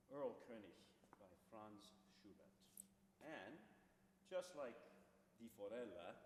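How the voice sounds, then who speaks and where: A baritone singer introducing a song to a concert audience, telling its story with frequent restarts and fillers. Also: male voice. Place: church sanctuary. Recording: echoey church from far off, faint hiss.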